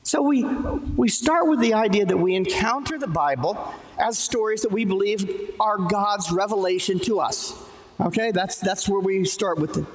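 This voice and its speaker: High-voiced pastor in an echoey hall. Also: male voice. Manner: conversational, jokes with the congregation. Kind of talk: sermon. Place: church sanctuary. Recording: echoey hall, live church stream. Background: church hall reverb.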